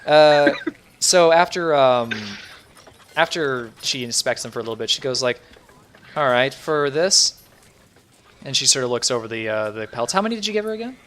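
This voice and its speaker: A man's voice: medium pitch, expressive, a little fast, a bit bright, a little hiss or hum. A man narrating a tabletop game as dungeon master, loose and rambling with many fillers.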